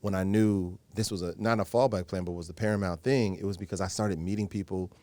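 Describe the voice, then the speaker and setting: A man in his thirties talks fast in a deep, low register, telling stories with lots of restarts. The sound is close and dry, like a studio mic. His manner is animated and casual. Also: no echo. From Los Angeles. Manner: animated storyteller, many restarts. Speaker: actor guest. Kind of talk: casual interview talk. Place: radio studio.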